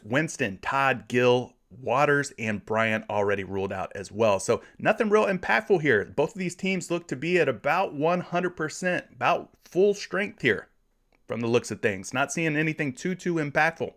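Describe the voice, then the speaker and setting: Speaking at a medium pitch with a slightly bright tone, this thirtysomething from Florida runs a laid-back sports betting stream. He reads out viewers' comments and chats with them warmly.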